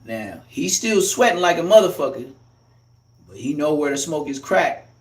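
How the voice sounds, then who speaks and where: A man doing a loud, profane, heated comic rant as a live streamer, recorded in an echoey room. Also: fairly high pitch, big pitch swings, normal speed, far from the mic.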